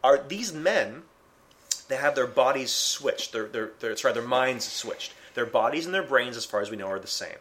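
A man's voice: medium pitch, animated, moderate pace, a bit bright. A man in a casual chat about comics, arguing his point at length and restarting his sentences as he goes. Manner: argumentative, talks in long runs with restarts. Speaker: podcast co-host discussing comics.

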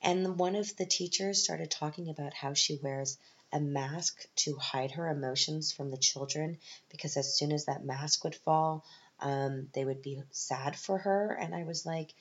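This casual storytelling monologue comes from a Canadian podcast host in middle age, who meanders through wry tales with lots of ums and jokes at her own expense. She speaks a little slowly in a low voice, with lo-fi sound.

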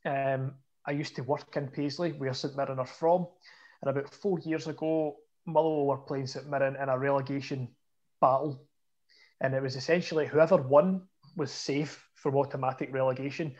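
A man's voice: fairly high pitch, a little mellow. A young Scottish man telling a story in a chatty, self-mocking way. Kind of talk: casual storytelling. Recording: dull lo-fi audio.

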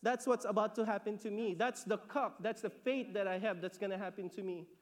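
A man from the Philippines preaching with a notably high voice. He talks in an animated, conversational way, repeats words as he builds a point, and checks in with the congregation. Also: a little fast. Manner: laughs between points, asks "okay?". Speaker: pastor. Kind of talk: sermon.

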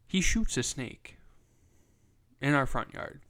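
Young male podcast host, self-mocking and profane, smooth voice at a mid pitch. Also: takes it slowly, a bit bright. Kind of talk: casual solo podcast chat.

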